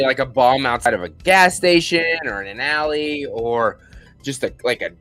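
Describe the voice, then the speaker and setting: A man's voice: mid-range voice, fairly bright tone, no room sound. A man hosting a live stream, chatting casually and rambling as he answers viewer questions and thanks viewers by name.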